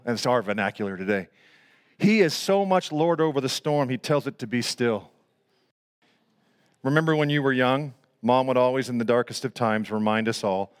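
Animated sixty-year-old man preaching. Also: mid-range voice, normal speed, clear, resonant tone. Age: 60s. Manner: swings from loud excited storytelling to hushed near-whispers; casual slangy asides. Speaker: pastor. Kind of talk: sermon.

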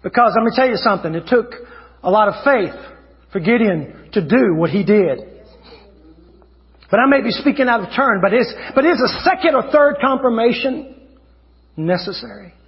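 A man preaching an evangelist's sermon, fervent and repetitive, rising to shouts at his peaks. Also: high voice, lively intonation, moderate pace, big-room sound, highs cut off. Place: church hall.

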